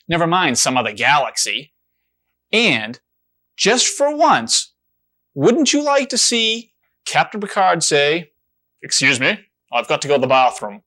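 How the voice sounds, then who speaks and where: A man's voice: a little high, sharp tone. A man, the show's producer and host, delivering an indignant, sarcastic comedic rant to camera.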